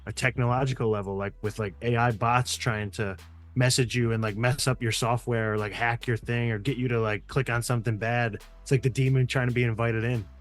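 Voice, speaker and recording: A man's voice: mid-range voice, steady tone, a little fast, a bit bright, soft background music. A man hosting a casual podcast chat, talking in a laid-back way with many fillers. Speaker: podcast host.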